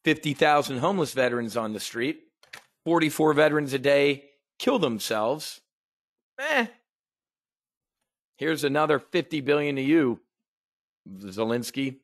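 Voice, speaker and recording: Hosting a trading market briefing, this man speaks at a medium pitch with lively intonation, unhurried and pausing often. His casual livestream talk is blunt, sarcastic and laced with swearing, full of restarts, and the sound is dry and clean, like a studio.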